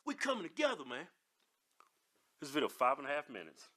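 A man in casual comedic banter, teasing and drawling slang in an animated way. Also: on the high side, brisk. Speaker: comedy commentator. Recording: noisy video clip.

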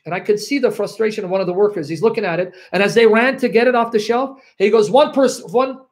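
A man's voice: high voice, darkish tone. A man preaching to an online audience, acting out selfish voices that defy God and repeating phrases for emphasis. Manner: acts out selfish voices talking back to God, then tells a personal story. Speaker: Christian preacher.

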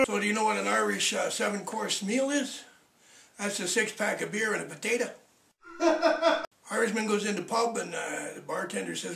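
A man's voice: high-pitched, big pitch swings, normal speed, vocal fry, long pauses, fairly bright tone. A man from Canada telling jokes to the camera in a folksy way, laughing at his own punchlines. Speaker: comedian. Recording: roomy, from off the mic.

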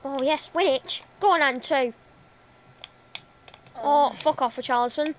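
A woman streaming a football video game live, shouting and swearing at the match as she plays. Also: high-pitched, measured pace. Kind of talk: live gaming stream chat.

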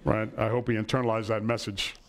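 A man's voice: lowish voice, level tone, fast. A middle-aged man giving a personal lecture to an audience in a hall, telling family stories and checking in with "right?". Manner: warm storytelling, asks "right?" often.

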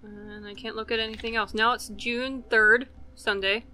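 Bright-voiced woman chatting over gameplay. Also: on the high side, flat delivery, normal speed. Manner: chatty, thinks aloud, laughs often. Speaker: let's play host. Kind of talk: casual gameplay commentary.

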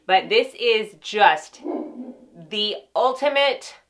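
A woman's voice: medium pitch, lively intonation, takes it slowly, noisy background. A middle-aged woman, a makeup artist chatting casually and enthusiastically about her palettes to the camera, often restarting her sentences.

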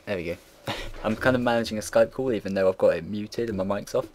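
Deep-voiced rambling young man. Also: quick pace, darkish tone, a little hiss or hum. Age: late teens. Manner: rambling and easily sidetracked, swears casually. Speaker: game builder narrating a build. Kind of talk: casual gameplay commentary. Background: keyboard typing and mouse clicks.

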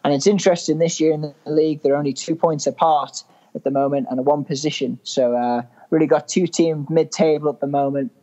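A man's voice: on the high side, steady tone, a little fast, dark tone, lo-fi sound. A young man from England with a mild northern English accent, a podcast guest telling stories in a chatty, good-humoured way. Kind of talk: casual chat.

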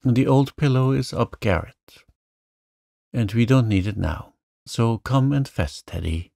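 A man's voice: medium pitch, unhurried, vocal fry, mellow, no room sound, studio quality. A man voicing a spirited, blunt young woman in a storybook reading, exclaiming and teasing.

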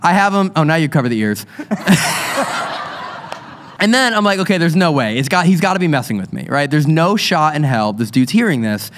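A man hosting a live paranormal show on stage, telling a story in an animated, excitable way and laughing often. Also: a little high, moderate pace, long pauses, slight background noise. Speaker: paranormal investigator podcast host.

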